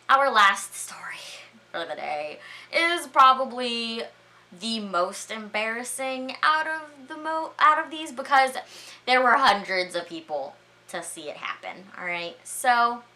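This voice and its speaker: Bright chatty young woman telling stories. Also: medium pitch. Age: young adult. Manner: chatty, animated, many "like"s and "all right?" asides. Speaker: vlogger. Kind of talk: storytime vlog.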